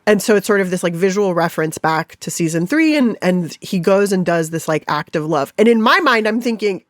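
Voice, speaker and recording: A woman chef and food writer, guest in a casual interview, talking in an animated way with laughs and acted-out quoted thoughts. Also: fairly low pitch, brisk, no room sound, studio quality.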